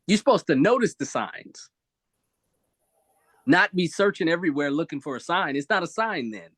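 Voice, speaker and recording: Expressive man giving motivational advice. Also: sits high, moderate pace, dry recording. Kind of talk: live video-call talk show. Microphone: video call.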